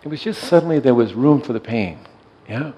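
A man who works in hospice care, telling a story gently and softly, often checking in with his listener. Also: medium pitch, lively intonation, brisk, low-quality recording. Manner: soft-spoken, often checks in with "yeah?". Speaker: hospice worker and meditation teacher.

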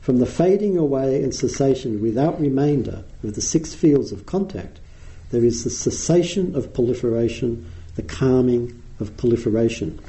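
Poor audio captures a middle-aged Australian man teaching meditation through a dharma talk. Expressive and dark-toned in a mid-range voice, he explains without hurry, with frequent ums.

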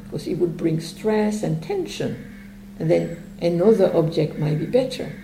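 A woman, giving meditation instruction as a teacher in a slow, gentle, explanatory way with long pauses. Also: on the low side. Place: retreat center meditation hall. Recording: echoey hall with faint hum.

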